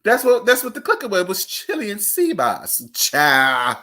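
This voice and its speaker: A man's voice: sits high, wildly swooping pitch, a little slow, pushed and bright. A man, sassy and dramatic as he chats casually about reality TV gossip. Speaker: gossip vlogger.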